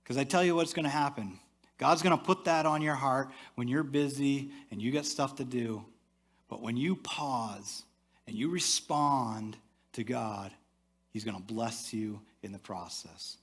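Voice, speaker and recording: A male pastor preaching a sermon in church, talking to the congregation in a conversational way and dropping to a soft, low voice for asides. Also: a little slow, breathy edge.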